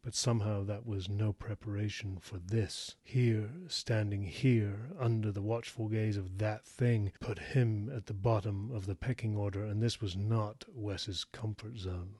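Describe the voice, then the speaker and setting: A man reads a story aloud in a low, slightly husky voice, steady and measured. The recording is close and dry, with no room sound. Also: no echo. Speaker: narrator. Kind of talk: audiobook narration.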